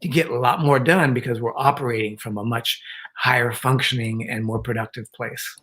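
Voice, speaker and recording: Calm older man explaining. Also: mid-range voice, normal speed, low-quality recording. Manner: calm, explanatory, with acted quotes. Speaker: panel expert guest. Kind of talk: online panel talk.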